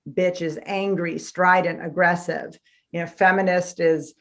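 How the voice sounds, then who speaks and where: A woman's voice: fairly low pitch, steady tone, unhurried, a bit bright. A woman author, a guest in a conversational interview, telling stories with animation and acting out the voices she quotes.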